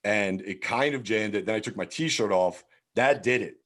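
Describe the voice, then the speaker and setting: Low-voiced, profane comedian telling a story. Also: male voice, moderate pace. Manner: profane, loose and animated, acts out dialogue. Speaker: comedian, podcast guest. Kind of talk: casual storytelling.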